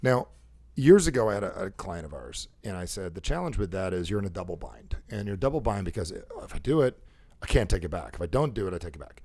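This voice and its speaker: A man's voice: low-pitched, sing-song, fast, a little mellow. A man coaching a caller live, emphatic and repetitive, acting out the dialogue he quotes. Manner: emphatic, repeats phrases, acts out quoted dialogue. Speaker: coach and show host.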